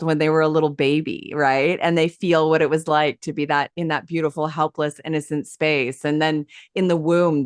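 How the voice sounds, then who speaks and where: Woman guest, low-ish voice, excitable storyteller, dry close recording. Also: no room sound. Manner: excitable storyteller, acts out her own reactions. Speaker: hypnosis coach, interview guest. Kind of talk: animated interview conversation.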